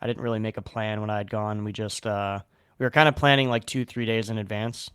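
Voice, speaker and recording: A man's voice: fairly low pitch, steady tone, a little fast, a bit bright, clean tone, no echo, clean studio sound. A man hosting a casual podcast chat, talking loosely and laughing easily. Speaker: podcast host.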